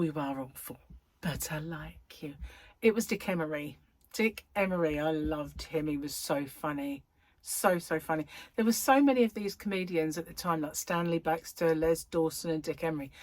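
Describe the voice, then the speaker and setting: A woman's voice: sits low, dry recording. A middle-aged woman, a crochet vlogger, chatting casually to her viewers and telling stories with laughter. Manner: chatty, laughing, animated storyteller.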